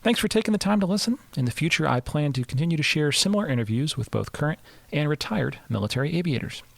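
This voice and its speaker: Fast-talking gravelly podcast host. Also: male voice, a little high, lively intonation, no echo. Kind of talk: read introduction and interviewing.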